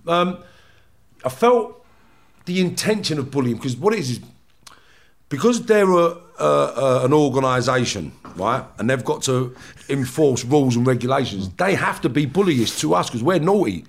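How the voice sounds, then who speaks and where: Gravelly swearing ex-prisoner man. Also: mid-range voice, moderate pace. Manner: blunt, heavy swearing, gets loud and animated retelling clashes. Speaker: guest, former prisoner. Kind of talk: casual podcast chat.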